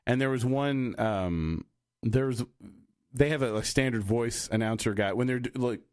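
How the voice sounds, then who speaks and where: A man's voice: medium pitch, normal speed, a little mellow, clear, resonant tone, dry recording. Young man, casual podcast chat, rambling, fillers and restarts, dry close sound. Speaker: podcast co-host.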